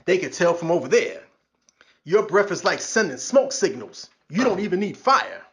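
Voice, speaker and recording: A man delivers a stand-up style rant in a high-set voice. He stays wry and sarcastic throughout, breaking into quick impressions of the people he mocks. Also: very animated, a bit bright. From New York. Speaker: podcast host.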